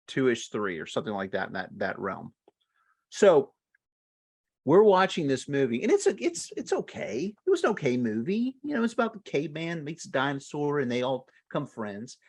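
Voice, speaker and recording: A man in his thirties, co-hosting a casual podcast chat, telling stories with frequent laughs. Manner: animated storyteller, laughs often, big pitch swings. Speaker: co-host.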